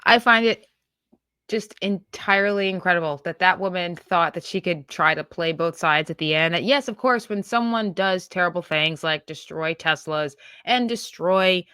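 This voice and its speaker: Woman, political commentary host, low voice, blunt, scornful, dry close sound. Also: moderate pace, pushed and bright, clean tone, no echo. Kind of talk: reacting to a news clip.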